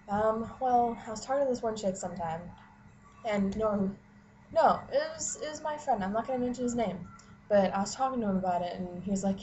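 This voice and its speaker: A woman's voice: medium pitch, brisk, a little mellow, slight background noise, rough recording. Young female student vlogger, exasperated casual rant, profane, filler-heavy. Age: young adult. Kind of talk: casual ranting vlog.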